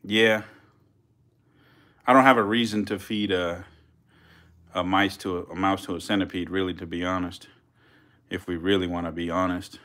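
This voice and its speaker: Excited man hyping up a feeding. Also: sits low, moderate pace, long pauses. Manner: excited, swearing, chatty with viewers. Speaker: reptile keeper streaming feedings. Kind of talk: casual live-stream commentary.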